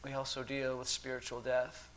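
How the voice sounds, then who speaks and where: A man preaching a sermon as pastor, measured and deliberate, with long pauses, dropping soft and then rising loud. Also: medium pitch, monotone, slight background noise.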